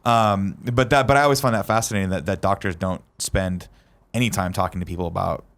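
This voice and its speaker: A man's voice: deep voice, fairly even intonation, fairly quick, fairly bright tone. A man co-hosting a podcast, chatting casually and thinking aloud in rambling sentences with restarts. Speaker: podcast co-host. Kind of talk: casual chat.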